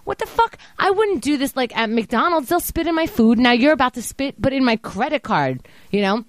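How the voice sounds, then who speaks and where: A woman in casual chat, telling a story in an animated, profane rant. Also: fairly high pitch, brisk, dry recording.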